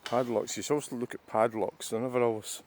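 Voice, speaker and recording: A man's voice: medium pitch, level tone, brisk, a little mellow, a little hiss or hum. A Scottish man in his sixties, a vlogger, rambling through a reflective monologue with wry, self-mocking asides. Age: 60s.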